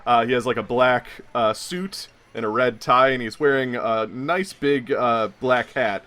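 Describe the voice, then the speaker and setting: A man's voice: mid-range voice, fairly even intonation, unhurried, bright, forceful tone. A man narrating a tabletop horror game as game master, telling the scene like a story. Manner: storytelling, with chuckles.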